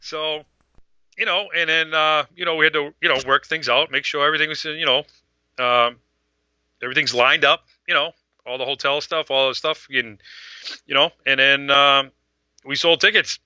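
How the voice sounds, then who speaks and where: A middle-aged man who organizes fan events, telling a rambling, animated story in casual talk and acting out the voices of people he quotes. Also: a little high, normal speed, smooth, no room sound, highs cut off.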